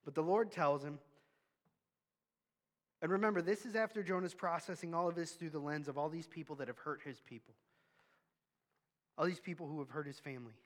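A man's voice: on the high side, brisk, long pauses, a bit bright. A man preaching a sermon in a candid, conversational storytelling way. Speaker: pastor. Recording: long hall reverb.

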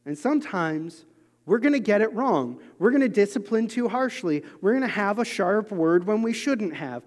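A man in his thirties preaching a sermon in an earnest, confessional way, moving between quiet asides and emphatic urging. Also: sits high, lively intonation, moderate pace, big-room sound. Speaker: pastor.

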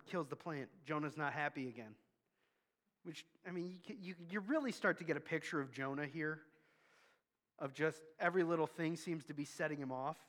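A man's voice: fairly high pitch, fairly bright tone. A man preaching a sermon in a candid, conversational storytelling way. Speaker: pastor. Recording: long hall reverb.

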